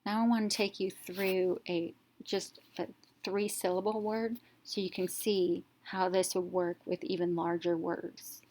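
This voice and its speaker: A woman teacher narrating a reading lesson, explaining each step slowly and clearly in an instructional voice-over. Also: fairly low pitch, flat delivery, a little mellow.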